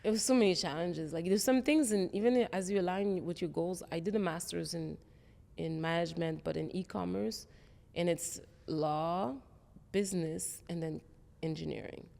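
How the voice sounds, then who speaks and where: A woman's voice: on the low side, normal speed, gravelly, dark tone, in a large hall. A woman being interviewed about her career, talking in an earnest, reflective way. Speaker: guest, tech executive. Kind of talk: interview conversation.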